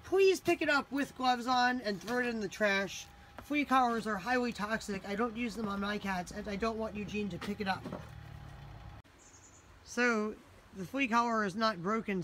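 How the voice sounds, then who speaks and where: A woman's voice: medium pitch, a bit bright, a little hiss or hum. A woman vlogging outdoors by her house, chatty and exasperated, with lots of "like" fillers as she retells her day. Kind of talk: casual vlog narration.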